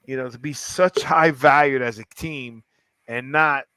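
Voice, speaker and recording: A man hosting a casual sports podcast, talking in an animated, rambling way with many restarts. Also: medium pitch, unhurried, clear, resonant tone, no room sound. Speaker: podcast host. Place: club in downtown Fort Lauderdale.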